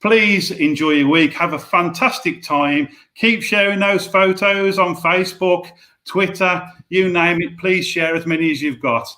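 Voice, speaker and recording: A man's voice: high-pitched, measured pace, bright, forceful tone. A man with a Black Country accent, hosting a live stream and making friendly announcements and thank-yous on a video call. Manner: friendly, thanks people at length. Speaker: host.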